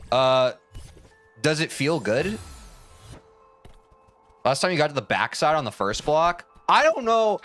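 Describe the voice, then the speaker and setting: A man streams a platform game with casual live commentary, joking, rambling, and talking to his chat while mocking himself. His voice is a little high, bright, and forceful.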